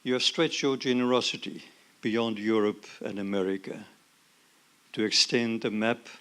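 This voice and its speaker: Man, lowish voice, slow and measured, formal acceptance speech. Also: a bit bright. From South Africa. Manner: slow, measured, solemn delivery. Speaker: award laureate.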